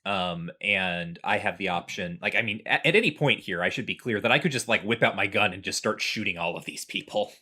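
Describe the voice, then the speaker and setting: A man's voice: on the low side, a little fast, few pauses, husky. A man casually recounting a video game playthrough to a co-host, briefly acting out the characters' lines. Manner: relaxed storytelling, acts out characters' lines. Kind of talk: casual chat.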